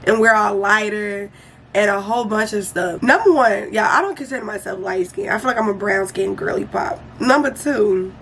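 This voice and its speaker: A young woman casually telling a storytime vlog in an animated, slangy and profane way. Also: medium pitch, moderate pace, gravelly, slight background noise.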